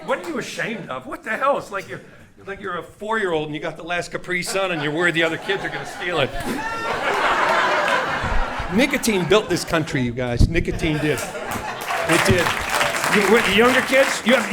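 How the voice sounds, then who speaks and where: Brash stand-up comic with a high voice. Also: male voice. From Seattle, USA. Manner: brash, mock-indignant, punchy rhetorical questions. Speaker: stand-up comedian. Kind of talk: stand-up comedy set. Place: comedy club stage before a live audience. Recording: loud crowd laughter and room noise.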